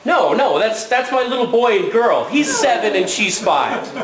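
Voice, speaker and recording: A man's voice: sits high, sing-song, moderate pace, crowd noise. A man acting a fussy, tearful newly divorced man in a stage comedy, heard from far off in a roomy theater. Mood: wistful. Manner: mournful, sighing, apologetic. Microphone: distant audience recording. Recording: roomy hall from far off, faint noise.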